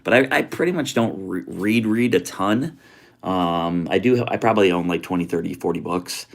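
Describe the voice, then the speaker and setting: A man's voice: deep voice, moderate pace, gravelly. A man hosting a casual livestream from his home office, greeting viewers with easygoing slang. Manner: laid-back, greets viewers with slang like homie and brother. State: a bit out of breath. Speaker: livestream host.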